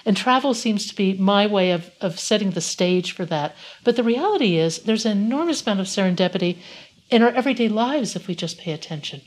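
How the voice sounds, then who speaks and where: A woman's voice: medium pitch, expressive, fairly quick. A woman hosting a podcast interview, speaking in a reflective, thoughtful way. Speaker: podcast host. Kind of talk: interview conversation.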